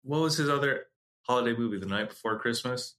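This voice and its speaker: A man's voice: medium pitch, quick pace, pushed and bright. A man co-hosting a casual podcast chat, easygoing and laid-back as he talks about a show. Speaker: podcast co-host.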